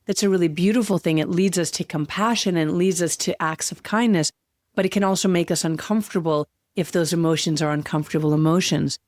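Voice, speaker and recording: A woman hosting a solo podcast, talking candidly and with heartfelt, gentle emotion. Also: fairly low pitch, fairly quick, dry recording, studio quality. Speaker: podcast host.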